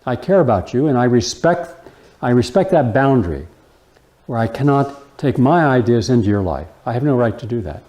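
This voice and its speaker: Male lecture host, mid-range pitch, animated intonation, emphatic storyteller addressing a room. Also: moderate pace. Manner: emphatic, rhetorical questions and personal anecdotes. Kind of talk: lecture to a live audience.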